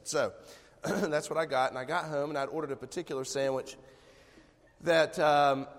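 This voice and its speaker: A man preaching a sermon as pastor, telling a personal story in a relaxed, conversational way and often clearing his throat. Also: medium pitch, big-room sound. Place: church sanctuary.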